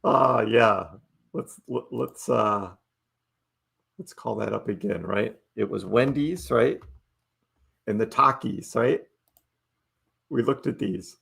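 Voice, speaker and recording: A man's voice: on the low side, slow, gravelly, long pauses, fairly bright tone, breathy edge. A middle-aged man hosting a casual live stream, chatting loosely with his viewers, reading their messages aloud and laughing often. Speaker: livestream host.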